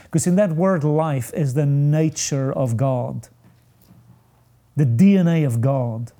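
A male preacher delivers a sermon at an unhurried pace, his voice sitting a little high for a man. The tone is warm and mellow. He builds to emphatic peaks and then lets weighty pauses hang.

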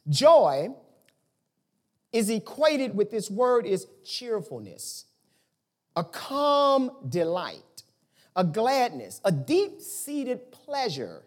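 Male preacher with a high, lively voice who slips into folksy talk and sudden shouts. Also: very slow, long pauses. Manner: animated, colloquial, bursts into shouts. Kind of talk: sermon.

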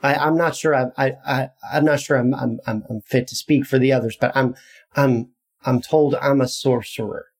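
A man's voice: medium pitch, steady tone, moderate pace, lightly acted. A man voicing a timid young male sorcerer who stammers and hesitates constantly. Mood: nervous.

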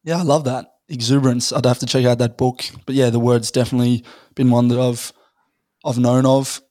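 A man, a little hoarse from losing his voice, rambling through a casual podcast conversation and thinking aloud with many fillers. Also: mid-range voice, flat delivery, brisk, mellow, no room sound, clean studio sound. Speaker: podcast guest.

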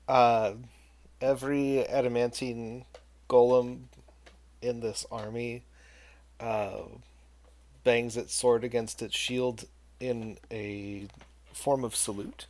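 A man running a tabletop game as game master, narrating in an unhurried, hesitant way. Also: medium pitch, darkish tone, no echo.

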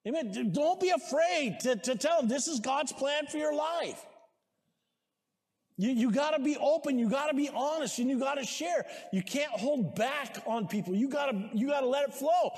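A male pastor preaching a sermon, exhorting the congregation, calling for amens and shouting at the peaks. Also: very high voice, lively intonation, normal speed. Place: church sanctuary. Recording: long reverb of a large hall.

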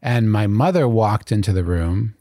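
A man's voice: on the low side, expressive, normal speed, dark tone, no echo, clean studio sound. A man in his fifties from Arizona, hosting and earnestly telling his own childhood nightmares, livening up as he retells each scene. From Arizona, USA. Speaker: host. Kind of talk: reflective personal storytelling. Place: college campus.

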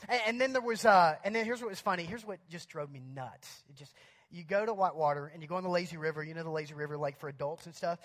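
A male pastor telling a humorous story in a sermon, chatty and animated, with lots of fillers. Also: on the high side, fast. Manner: animated, chatty, many fillers like "like" and "you know".

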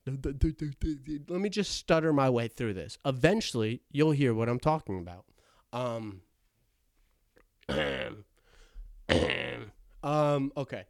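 A young man talks at a mid-pitched, everyday level while standing in his attic, hosting his podcast. He rambles, stutters and keeps cracking self-deprecating jokes at his own expense. The sound is dry and close, with no room echo. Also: lively intonation, slow pace, long pauses, a little mellow. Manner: self-deprecating, stammering, jokey asides. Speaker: podcast host. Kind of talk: rambling comedic podcast monologue.

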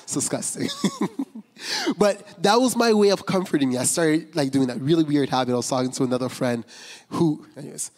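A man's voice: a little high, a little fast, darkish tone. A man preaching a personal testimony as pastor, speaking candidly and conversationally with many fillers and restarts. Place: church sanctuary. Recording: long reverb of a large hall.

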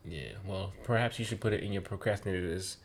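A man co-hosting a casual podcast, telling family stories with animated, acted-out voices. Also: low voice, fast talker. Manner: animated storyteller who acts out voices. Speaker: podcast co-host and father. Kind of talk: casual chat.

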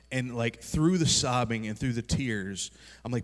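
Man, pastor, conversational sermon, medium pitch, long hall reverb. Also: unhurried. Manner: relaxed, conversational with many fillers. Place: large church hall.

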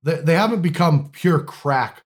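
A man with a slightly higher voice than most chats casually on a podcast. He explains things eagerly, with many "like"s and repeated starts. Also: measured pace. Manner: animated explaining with many fillers and restarts. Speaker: podcast co-host. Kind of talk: casual chat.

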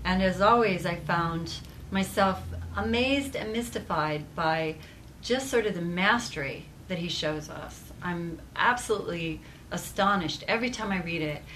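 A woman's voice: on the low side, a little slow, a bit bright, slight background noise, poor audio. A woman with a Midwestern American accent, co-hosting a live panel, speaking with emphatic enthusiasm. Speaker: guest co-host and author. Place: convention room.

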